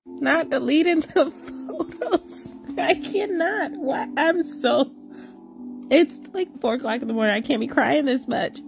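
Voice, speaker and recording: A woman's voice: high-pitched, measured pace, vocal fry, music in the background. A woman reacting to a series episode as a vlogger, gushing and exclamatory, with frequent gasps and laughter.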